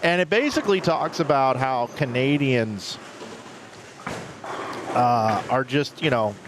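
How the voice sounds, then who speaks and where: A man's voice: mid-range voice, animated, slow pace, background noise. Chatty man calling bowling live. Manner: chatty, rambling storyteller mixing asides with play calls. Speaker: bowling commentator. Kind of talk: live sports commentary.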